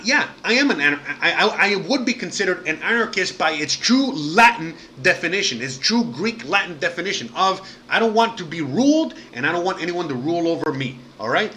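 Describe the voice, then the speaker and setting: A man ranting to his viewers with a high, bright, edgy voice. He is heated and outraged and swears constantly, and his sentences run on with "you know" and "all right." A faint hiss of noise sits under the recording. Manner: heated, profane and outraged, with frequent fillers. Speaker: live-stream host. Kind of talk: casual ranting monologue to viewers.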